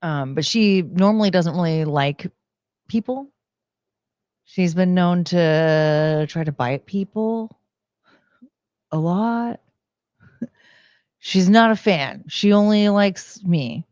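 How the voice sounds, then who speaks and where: A woman's voice: fairly low pitch, slow pace, long pauses, a little mellow, no echo. Rambling woman streamer, dull dry sound. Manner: rambling, heavy use of "like" and "um". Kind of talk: casual stream chat. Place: at home. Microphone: desk microphone.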